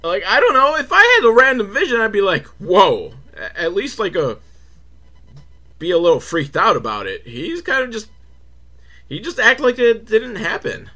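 A man hosting a podcast, riffing through a film recap in a loose, comedic ramble. He drifts off on tangents, corrects himself and curses casually. His bright voice swings up and down a lot. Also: high voice, big pitch swings, moderate pace. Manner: rambling, sidetracked, self-correcting, swearing. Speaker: podcast host reviewing films.

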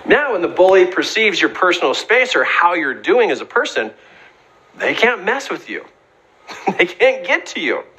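A man's voice: sits high, sing-song, moderate pace, sharp tone, a little hiss or hum, low-quality recording. A middle-aged man giving an earnest, emphatic motivational talk, sometimes acting out the voices in his stories. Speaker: speaker giving advice on bullying.

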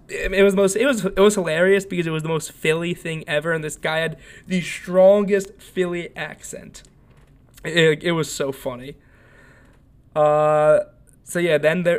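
A man hosting a solo sports podcast, talking casually and rambling with many fillers and restarts. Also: on the high side. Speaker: podcast host.

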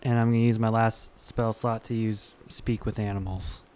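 A man playing a tabletop game, calmly describing what his character does. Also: lowish voice, moderate pace, a crowd in the background. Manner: relaxed, describes his moves step by step. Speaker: player. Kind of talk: casual tabletop play.

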